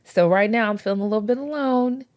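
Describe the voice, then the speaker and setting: A woman's voice: on the high side, fast talker, a little mellow. A woman talking earnestly about faith in a casual podcast chat, with informal slang. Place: podcast recording.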